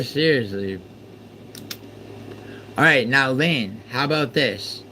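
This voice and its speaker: A man's voice: mid-range voice, expressive, slow pace, slight background noise. Exasperated man arguing on a livestream. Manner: argumentative, swings from exasperated shouting to muttering. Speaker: livestream host. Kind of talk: live stream chat with viewers.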